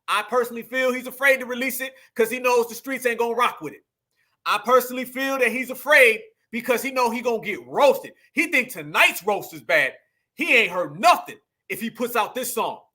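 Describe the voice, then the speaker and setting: A man hosting a livestream, delivering animated, profane ranting commentary straight to his audience. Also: very high-pitched, a little fast. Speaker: livestream host.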